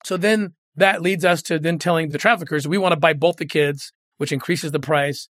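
A man's voice: fairly high pitch, fairly even intonation, normal speed, fairly bright tone, no room sound, studio quality. A middle-aged man, a guest in an interview, telling a moving story earnestly and often repeating words when moved.

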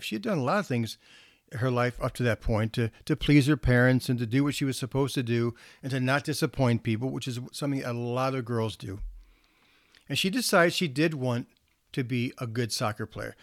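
This is a man working as a counselor, sharing stories with parents in an easygoing, conversational manner marked by little restarts. His pitch is medium, and the clean studio audio carries no echo.

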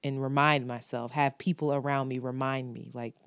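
Low-voiced woman in frank, joking podcast chat. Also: fairly even intonation, moderate pace, clean tone, no echo, clean studio sound. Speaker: podcast co-host. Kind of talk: casual chat.

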